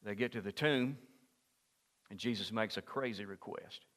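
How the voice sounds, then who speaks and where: A man preaching a sermon as pastor in a church, moving from hushed asides to loud, impassioned peaks. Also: fairly low pitch, moderate pace, long reverb tail. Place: church sanctuary.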